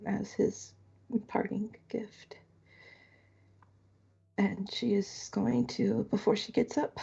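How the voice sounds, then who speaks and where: Husky, gravelly woman player, hesitant. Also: mid-range voice. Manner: hesitant, lots of ums, soft. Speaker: tabletop game player. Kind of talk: describing her character's actions. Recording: muffled lo-fi audio.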